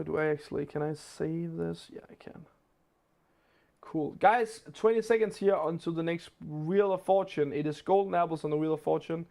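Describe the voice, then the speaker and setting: A man's voice: fairly high pitch, vocal fry, a little mellow. A young man with a Danish accent, hosting a live game stream in casual, chatty talk and laughing often.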